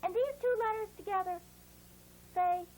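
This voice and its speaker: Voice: very high voice, normal speed, darkish tone, slight background noise, low-quality recording. A performer voicing a cheerful puppet boy who teaches children to write letters in a bouncy, encouraging, sing-song way. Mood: cheery. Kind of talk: playful kids' lesson.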